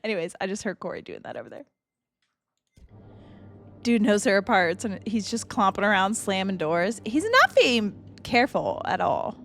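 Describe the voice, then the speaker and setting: A young woman with a medium-pitched, slightly bright voice streams a horror game at a moderate pace, very animated as she plays. Faint game music runs behind her blunt, profane jokes and asides in this casual gameplay commentary.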